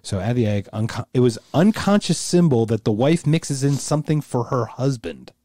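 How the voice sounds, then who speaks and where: A man's voice: mid-range voice, animated, normal speed, dark tone, no room sound, studio quality. A man co-hosting a podcast in casual chat, rambling with lots of restarts. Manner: rambling, restarts a lot, mimics the people he talks about. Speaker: podcast co-host.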